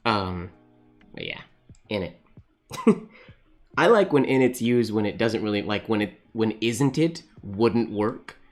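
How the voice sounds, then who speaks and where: A man talks casually while he writes on a live stream, thinking aloud, laughing often and answering viewers as they comment. His voice sits a little low. Soft music plays faintly behind him. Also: lively intonation, slow, long pauses. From Canada. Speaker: calligraphy livestream host.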